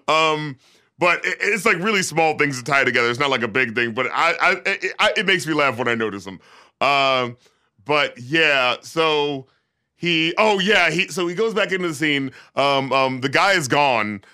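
Bright-voiced man rambling about a film. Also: fairly high pitch, lively intonation, normal speed, clean tone. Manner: rambling, profane, acts out quotes. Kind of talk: casual film discussion.

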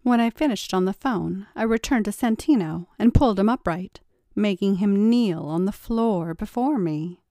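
A woman's voice: medium pitch, normal speed, dark tone, dry recording, studio quality. Teasing woman narrating a story. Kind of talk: scripted first-person story narration.

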